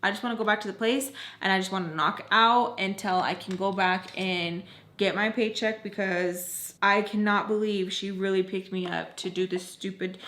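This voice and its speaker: A woman's voice: medium pitch, fairly bright tone, echoey room. A young woman telling a story to the camera in a casual, blunt, mouthy way, swearing freely. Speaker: storytime vlogger.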